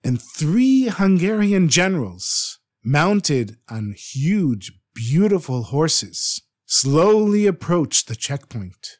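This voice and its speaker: A man narrates a dramatic story with earnest expression. His voice sits a little high for a man, and he shapes each scene carefully. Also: big pitch swings, takes it slowly, few pauses.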